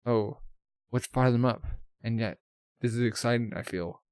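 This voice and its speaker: A man's voice: mid-range voice, moderate pace, darkish tone, clean tone, dry recording, natural voice. A man reading the musing inner thoughts of a cunning male demon lord from a manga. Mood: brooding.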